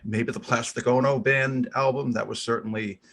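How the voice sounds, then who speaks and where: A man's voice: medium pitch, fairly even intonation, moderate pace, creaky, a bit bright. A middle-aged man with a Boston accent, chatting on a podcast and thinking aloud with lots of ums. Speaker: podcast co-host. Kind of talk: casual chat about music.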